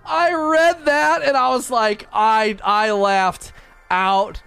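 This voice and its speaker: A man's voice: extremely high pitch, steady tone, slow, vocal fry, bright, forceful tone, clean tone. A man in casual gaming chat as a YouTuber host, laughing often and repeating phrases.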